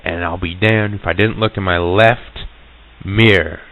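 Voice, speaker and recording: Man, deep voice, stammering storyteller, tinny phone-like old tape. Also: steady tone, a bit bright. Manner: halting, stammering restarts. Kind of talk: recorded storytelling monologue.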